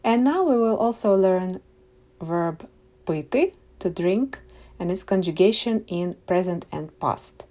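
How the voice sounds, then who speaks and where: Slow, mellow-voiced woman teaching. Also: on the low side, expressive. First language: Ukrainian. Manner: patient, repeats words slowly for learners. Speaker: language teacher. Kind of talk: slow, clear explanatory lesson.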